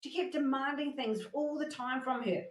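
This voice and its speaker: Lady giving a motivational workshop talk, fairly high voice, roomy echo, tells stories with lots of energy. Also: moderate pace. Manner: animated storytelling with acted-out quotes. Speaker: workshop presenter.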